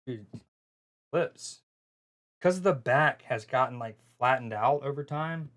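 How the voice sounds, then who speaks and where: Male streamer co-commentator, mid-pitched, loose and talkative, prone to fillers and sudden bursts of excitement. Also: slow. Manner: chatty, loose, excitable, with frequent fillers and restarts. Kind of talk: casual live stream commentary.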